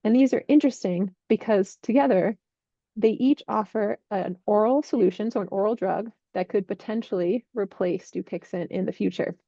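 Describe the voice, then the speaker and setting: A woman working as a healthcare investment analyst, clearly and methodically explaining drug industry developments. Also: mid-range voice, normal speed, dark tone, no echo, muffled recording.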